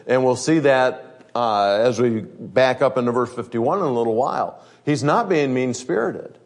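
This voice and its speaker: A mid-pitched male preacher delivers a sermon, reading scripture and then explaining it conversationally. His pace shifts to stress key points.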